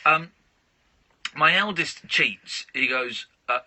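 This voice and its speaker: A man's voice: on the high side, animated, moderate pace, sharp tone, husky. A man hosting a late-night radio show, chatting in a rambling, self-interrupting way. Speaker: radio host.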